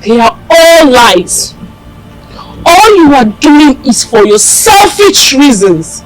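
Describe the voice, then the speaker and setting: A woman's voice: high voice, very animated, slow, faint music behind, exaggerated voice, low-quality recording. A woman playing a bitter grown daughter who accuses her mother through tears. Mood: accusing. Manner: accusing, tearful. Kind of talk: Nollywood film acting.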